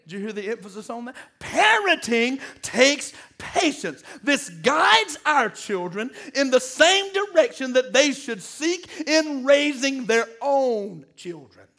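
A middle-aged pastor preaching a sermon, calling out to the congregation and building to emphatic peaks. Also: male voice, extremely high pitch, very animated, measured pace, hardly any pauses, fairly bright tone. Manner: call-and-response preaching, rising to emphatic peaks.

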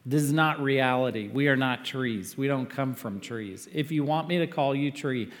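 A man preaching a sermon as pastor, earnest and emphatic, with sudden loud peaks. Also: medium pitch, normal speed, long reverb tail.

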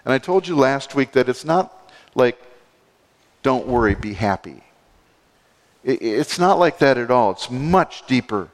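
A man's voice: medium pitch, measured pace, long pauses. Preacher man in a reverberant hall. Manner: expressive preaching, swings between soft and emphatic. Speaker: pastor. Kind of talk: sermon.

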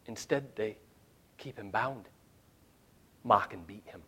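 A male pastor preaching a sermon, swinging from hushed, quiet lines to loud shouted ones. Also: fairly low pitch, slow, breathy edge.

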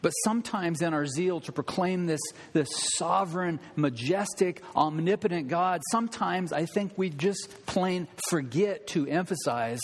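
A male pastor preaching a sermon, conversational and animated, sometimes dropping to quiet emphasis. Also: fairly high pitch, measured pace. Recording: long reverb of a church hall.

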